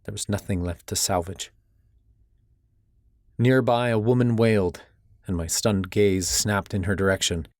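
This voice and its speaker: A man's voice: lowish voice, fairly even intonation, unhurried, pauses often, darkish tone, dry recording, studio quality. A man narrating a first-person audiobook in a tense, urgent storytelling manner.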